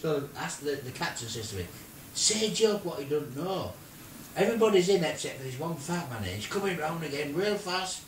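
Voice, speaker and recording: An older man, a grandfather, telling a silly made-up story in an animated way, with squeaky put-on voices for the people in it. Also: brisk, slight background noise. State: ill. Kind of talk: playful bedtime-style storytelling. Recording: roomy home video from a distance.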